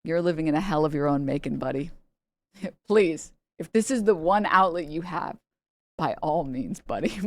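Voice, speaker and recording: A woman's voice: low voice, lively intonation, normal speed, no echo. A young woman streamer in casual commentary, rambling and sarcastic, often laughing and putting on mocking voices.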